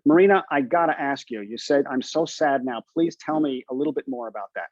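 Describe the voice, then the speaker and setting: A man's voice: on the high side, lively intonation, quick pace, dry recording. Encouraging male coach on a group call, medium voice, dull and dry sound. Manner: encouraging, asks the group questions. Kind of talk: coaching session talk.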